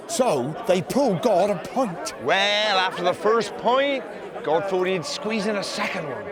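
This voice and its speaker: A man from Cornwall telling a folk tale in a lively, theatrical way. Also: sits high, measured pace, crowd noise. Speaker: storyteller. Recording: music behind.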